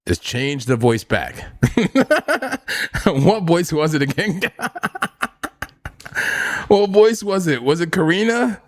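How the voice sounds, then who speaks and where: A man's voice: fairly high pitch, animated, normal speed, hardly any pauses. A man hosting a casual crypto trading livestream, joking and repeating himself as he talks.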